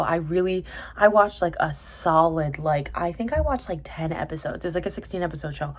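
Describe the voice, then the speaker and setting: A woman's voice: low voice, lively intonation, fairly quick. A young woman vlogging casually about dramas she has watched, chatty and tangent-prone, with lots of fillers and self-corrections. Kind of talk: casual rambling chat.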